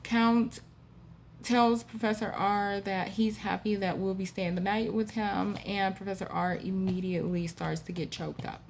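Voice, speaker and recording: A woman host telling a spooky personal story in a chatty, animated way with frequent asides to the listener. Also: medium pitch, a little slow, creaky, slight background noise. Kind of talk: casual storytime.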